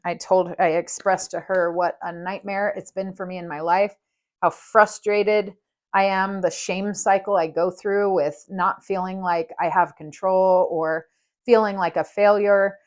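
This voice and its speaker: A woman's voice: on the low side, fairly even intonation, a little slow. A woman hosting her own podcast, talking earnestly and unhurriedly as she shows a smoke-cleansing ritual. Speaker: podcast host. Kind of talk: casual solo podcast demonstration.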